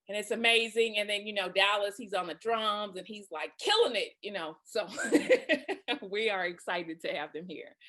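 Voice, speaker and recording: A woman hosting a panel discussion in a casual, bubbly way, laughing often and throwing in quick asides. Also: mid-range voice, bright, forceful tone.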